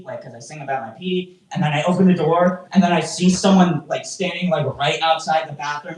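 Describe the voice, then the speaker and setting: A stand-up comedian doing a rambling, self-mocking set with crowd work, full of stammered restarts and sudden loud mocking outbursts. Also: medium pitch, fairly quick, hardly any pauses. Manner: bursts into loud mocking shouts. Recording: roomy, voice picked up from a distance.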